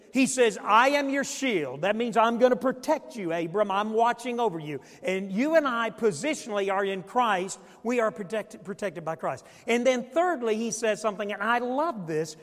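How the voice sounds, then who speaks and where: High-voiced preaching man in a reverberant church. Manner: call-and-response preaching, repeats phrases. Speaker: pastor. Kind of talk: sermon. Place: church sanctuary.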